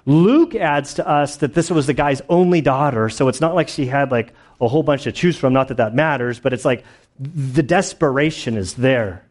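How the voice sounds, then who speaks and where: A male pastor teaches through a Bible passage in a loose, conversational way. He rambles, circles back and fills his speech with filler words and small laughs. His voice sits at an ordinary middle pitch. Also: moderate pace, a little mellow.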